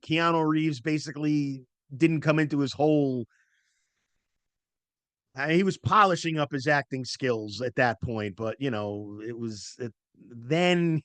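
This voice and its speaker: A man's voice: a little high, a little slow, fairly bright tone, no echo. A middle-aged man hosting a casual movie talk show, rambling with lots of fillers and self-corrections. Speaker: podcast host.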